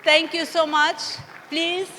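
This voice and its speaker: High-voiced woman moderator, slow. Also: level tone, sharp tone, some chatter behind, slight background noise. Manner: repetitive, effusive thanks. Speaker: conference moderator. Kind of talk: introducing a speaker on stage. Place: conference hall stage. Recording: large hall reverb.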